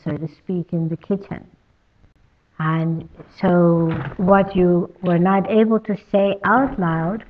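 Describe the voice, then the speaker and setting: A woman spiritual teacher telling a traditional story in a slow, halting way, with many pauses. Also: lowish voice, lo-fi sound. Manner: slow, halting, with fillers and soft asides.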